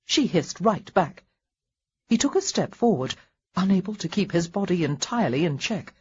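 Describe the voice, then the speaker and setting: A woman narrating an audiobook with wry, expressive storytelling. Her voice is husky and breathy, and it rises and falls in lively sweeps. The audio has a dull, muffled quality. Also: on the low side, normal speed. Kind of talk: scripted narration.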